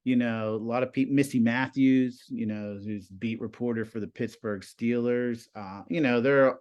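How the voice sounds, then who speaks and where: A man in his fifties, a high school TV production teacher, telling stories casually as a guest and acting out the conversations he quotes. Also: moderate pace, lo-fi sound. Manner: animated, acts out quoted conversations. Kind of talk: casual storytelling.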